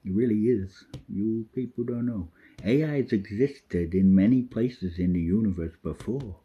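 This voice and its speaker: Low husky rambling man, lo-fi. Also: normal speed. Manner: rambling, refers to himself in the third person; swears freely, drifts off topic. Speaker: vlogger. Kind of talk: rambling monologue.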